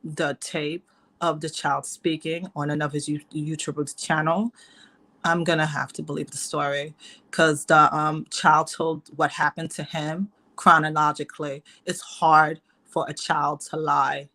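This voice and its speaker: Panel guest, woman, bright tone, emphatic and insistent. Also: sits low, flat delivery, measured pace. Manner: insistent, emphatic, repeats her points. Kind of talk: live online panel discussion.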